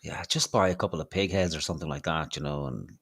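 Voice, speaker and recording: A man's voice: rumbling low, quick pace, gravelly, a bit bright, slightly rough, no echo. A man co-hosting a live show, rambling and swearing in laid-back chat. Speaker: podcast co-host. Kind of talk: casual live-stream chat.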